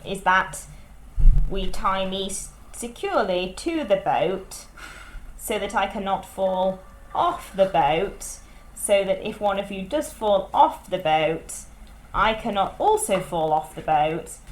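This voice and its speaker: A woman's voice: mid-range voice, expressive, takes it slowly. Cautious British woman in a roomy room. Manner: cautious, lays out plans step by step. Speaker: player. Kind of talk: tabletop role-play chat.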